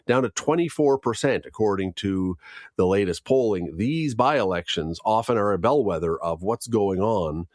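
A man's voice: fairly low pitch, darkish tone, dry recording, studio quality. A man hosting a radio segment, reading news and on-this-day trivia in a casual, chatty way with wry asides. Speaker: radio host.

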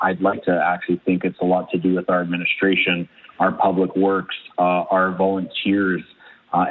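A man's voice: low-pitched, slight background noise. A man who is a local mayor, interviewed by phone on a radio show, talking up his area with many fillers. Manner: upbeat, promotional, many fillers. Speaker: municipal mayor, radio guest. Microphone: phone line. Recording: tinny phone line.

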